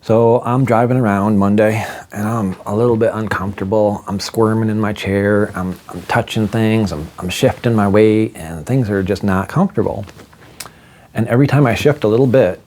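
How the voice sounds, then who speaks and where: A man's voice: on the low side, moderate pace, darkish tone. A middle-aged man casually telling a self-deprecating personal story, acting out the people he quotes. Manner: chatty, self-deprecating, acts out quoted dialogue.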